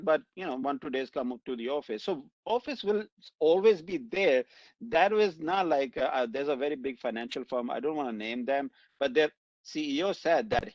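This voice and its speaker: Man, interview host, mid pitch, relaxed and rambling, dull and dry lo-fi sound. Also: no room sound. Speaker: podcast host. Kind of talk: conversational interview talk.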